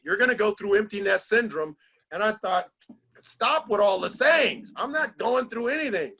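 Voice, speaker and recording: Bright, high-voiced middle-aged man. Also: dull audio. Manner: animated storyteller who acts out quoted lines. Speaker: motivational speaker. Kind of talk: motivational talk to a small group.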